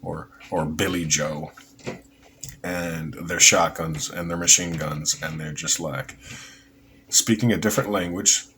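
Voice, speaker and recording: A man's voice: deep voice, steady tone, a little slow, background noise. A man hosting a podcast, giving rambling, heated, sarcastic casual political commentary. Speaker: podcast host.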